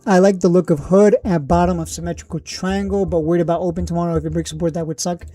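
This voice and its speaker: A man hosting a live stock chat, answering viewers with blunt verdicts and jokes. His voice is mellow and on the darker side. He often trails off mid-thought and circles back. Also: high-pitched, fairly even intonation, quick pace, dry recording, studio quality. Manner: blunt, joking, laughs often, trails off and restarts. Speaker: stock market livestream host.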